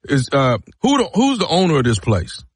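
A man's voice: on the high side, huge pitch swings, normal speed, slightly rough. A man making a phone call, stubbornly repeating the same complaint in a drawling voice. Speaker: caller.

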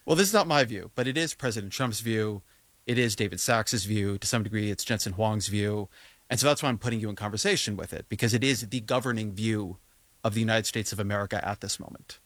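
A man with a low voice hosts an interview and asks measured, probing questions. He lays out his reasoning at length before each question. The recording is dry and close. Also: fairly bright tone, no room sound. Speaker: interview host. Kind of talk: interview conversation.

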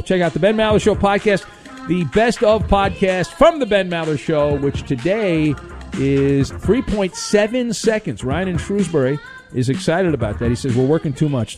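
Fairly high-pitched and a little mellow, this man hosts a sports radio show and runs a quiz, poking fun at the players in a playful way as the game goes on.

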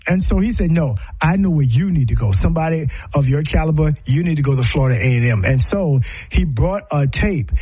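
A man's voice: a little high, dark tone, breathy edge, low-quality recording. A middle-aged man talking in a casual, reflective monologue, rambling with frequent restarts and repeated words.

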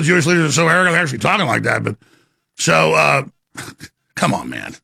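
A male talk radio host with a strongly gravelly, husky voice and a bright, forward edge. He sounds animated and incredulous, pressing his caller with wide swings in pitch. The sound is dry and close. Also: fairly quick, pauses often, no echo. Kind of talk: live call-in talk radio.

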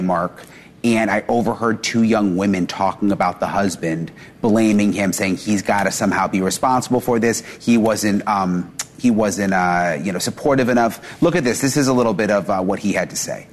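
A man's voice: fairly low pitch, fairly quick. A male host leading a news discussion in a conversational way and introducing clips.

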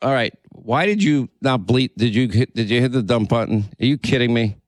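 A man's voice: medium pitch, lively intonation, a little fast, dry recording. A man hosting a talk radio show, indignant and repeating phrases for emphasis.

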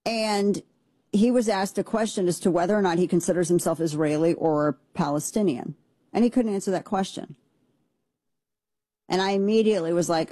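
A woman's voice: fairly low pitch, mellow, no room sound. A woman commentator giving a blunt, emphatic opinion monologue that rambles with restarts.

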